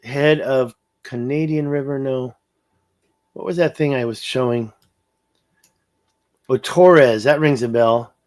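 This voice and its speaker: A man's voice: mid-range voice, steady tone, slow pace, long pauses, a little mellow. A man hosting a casual livestream, thinking aloud as he pans over a map and reads viewer comments. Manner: rambling, thinking aloud, reading viewer chat. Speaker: livestream host.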